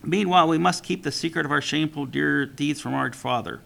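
A man reading aloud as an earnest young brother pleading with his siblings, voiced in his own gravelly tone. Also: fairly high pitch, a little fast, pushed and bright, exaggerated voice. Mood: solemn.

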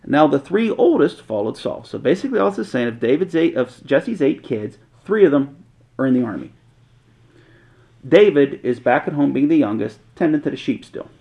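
A gravelly-voiced man leads a relaxed Bible teaching. He reads a passage, then unpacks it in plain modern talk with wry jokes, his pitch swinging widely as he goes. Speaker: pastor.

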